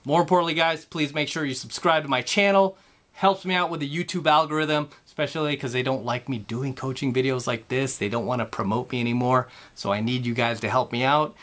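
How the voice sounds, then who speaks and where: A man's voice: medium pitch, steady tone, a little fast, a bit bright. A man hosting a dating-coaching video and speaking emphatically to the camera, often asking "right?". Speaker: dating coach and channel host. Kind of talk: direct-to-camera coaching monologue.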